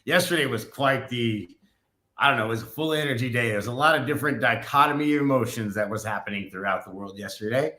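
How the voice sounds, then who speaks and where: A man's voice: medium pitch, fast, sharp tone. Man telling stories in a roomy studio. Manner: rambling, upbeat storytelling. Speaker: podcast co-host. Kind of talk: casual chat. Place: podcast studio.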